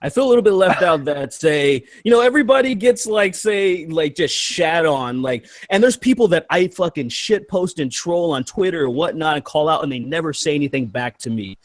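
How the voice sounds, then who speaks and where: A man's voice: fairly high pitch, lively intonation, normal speed, hardly any pauses, no echo, clean studio sound. A man guest in a casual group chat, talking hesitantly with many fillers.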